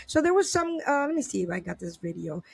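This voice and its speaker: A woman's voice: mid-range voice, big pitch swings, fast, creaky, a little mellow, slightly rough, dry recording. Indignant woman hosting a podcast, dry sound. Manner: indignant, many restarts and rhetorical questions. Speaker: podcast host. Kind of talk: casual podcast chat, reading news aloud.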